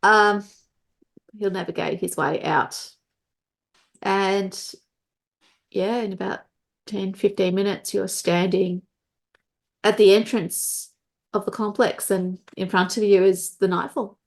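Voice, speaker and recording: A woman running a tabletop role-playing game as game master, narrating scenes in a relaxed, conversational way. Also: mid-range voice, takes it slowly, creaky, long pauses.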